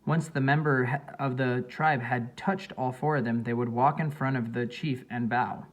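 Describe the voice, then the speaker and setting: Brief: male audiobook narrator, plain steady storytelling. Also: medium pitch, moderate pace. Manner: plain, steady reading with small slips.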